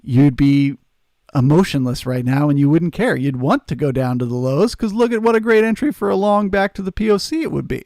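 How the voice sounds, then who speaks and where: A man's voice: a little high, expressive, fairly quick, a little mellow, no room sound, clean studio sound. A man hosting a live trading stream, answering chat and coaching viewers in an earnest, emphatic way. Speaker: trading livestream host.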